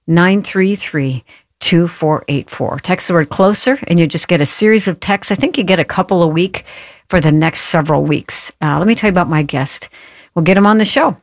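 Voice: medium pitch, normal speed, no room sound, clean studio sound. The host of a Christian interview show, introducing a guest and affirming him as he speaks. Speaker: podcast host.

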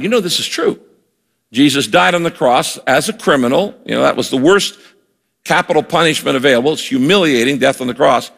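A man's voice: mid-range voice, fairly quick, vocal fry, a bit bright, breathy edge. An older man preaching a sermon as a pastor, earnest and emphatic, often repeating words and acting out quoted lines. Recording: long hall reverb.

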